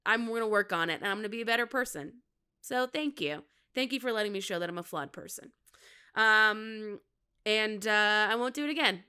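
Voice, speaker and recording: Her mid-range voice runs a little fast, bright and smooth with a forceful edge. She's a Minnesota comedian in her thirties with a Midwestern accent, chatting casually on her solo podcast in a candid, self-mocking, jokey way full of laughs.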